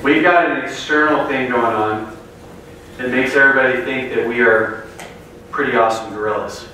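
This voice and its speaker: Bright-voiced man preaching in an echoey hall. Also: medium pitch, moderate pace. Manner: animated storyteller, voices characters in a joke. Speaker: guest speaker. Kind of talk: sermon with storytelling. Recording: very echoey room from a distance, faint noise.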